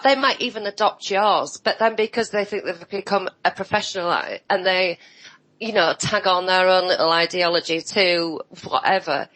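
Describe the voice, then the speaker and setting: Woman on a roundtable, blunt and sarcastic, does mocking voices, mid pitch. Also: a bit bright, poor audio. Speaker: roundtable guest. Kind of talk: casual online roundtable chat.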